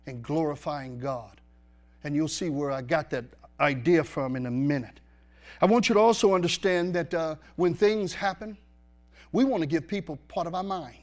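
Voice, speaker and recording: A man's voice: on the high side, moderate pace. A male pastor preaching a sermon in a church, pressing the congregation with rhetorical questions and emphatic repetition.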